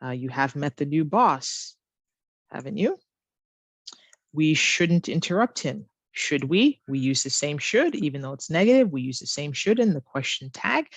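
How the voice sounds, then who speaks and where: A woman teaching an online English lesson who reads example sentences slowly and with exaggerated rising and falling intonation. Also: low voice, dry recording.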